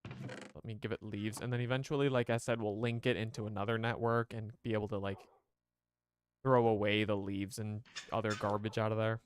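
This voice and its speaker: A man's voice: on the low side, level tone, a little fast, a little hiss or hum. A man streaming a game, chatting casually to his viewers and rambling as he plays. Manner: rambling, chatty, talks to chat.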